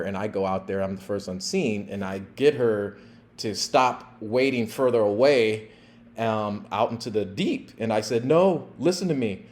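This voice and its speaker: A middle-aged man, a former police officer hosting a podcast, tells stories in a relaxed, chatty way with lots of fillers. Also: fairly low pitch. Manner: relaxed and chatty with many fillers, laughing at his own story. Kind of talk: casual storytelling.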